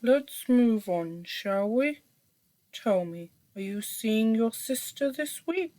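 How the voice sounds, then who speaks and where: A woman voicing a calm, condescending male hypnotherapist in a story reading, talking in a slow, soothing, coaxing way. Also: fairly high pitch.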